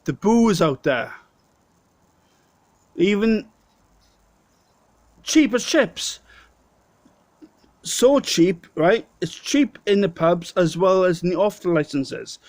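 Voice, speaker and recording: Slow-talking Welsh man with a stutter. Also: high voice, animated, a little mellow, no room sound. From Wales. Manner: stuttering, rambling, self-correcting. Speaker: vlogger. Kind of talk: casual storytelling to camera. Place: local pub.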